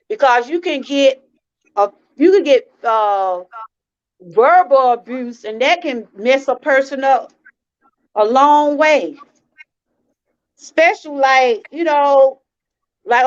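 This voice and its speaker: A woman's voice: high voice, muffled recording. A woman from Georgia, hosting a live-stream testimony talk, earnest and repeating herself as she speaks straight to her viewers. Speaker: channel host.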